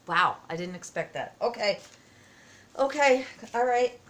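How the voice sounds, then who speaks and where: A woman vlogging at home as she opens happy mail, excited, gasping and halting with many fillers. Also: fairly high pitch, a little hiss or hum. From United States. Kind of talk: casual vlog chat. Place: home, indoors.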